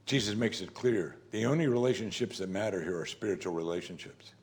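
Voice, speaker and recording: A man's voice: on the low side, a little fast. A man preaching a sermon as pastor, talking in a conversational, emphatic way and often saying "you see".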